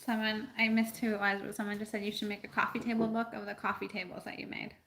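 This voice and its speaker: A woman co-hosting a casual livestream, chiming in softly with short replies and chat comments. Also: mid-range voice, level tone, fast, vocal fry. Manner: soft-spoken, brief replies. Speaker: co-host relaying chat comments. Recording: faint background noise.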